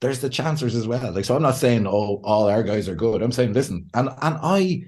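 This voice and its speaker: A man, a pastor and counselor, talking as a podcast guest in a lively way, often laughing and acting out what people say. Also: medium pitch, moderate pace. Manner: animated, laughs often, acts out quotes. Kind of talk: conversational podcast interview.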